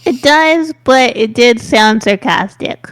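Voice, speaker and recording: A woman playing a tabletop game, reasoning in a dry, measured way. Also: on the high side, expressive, no room sound. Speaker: player. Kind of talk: tabletop role-play chat.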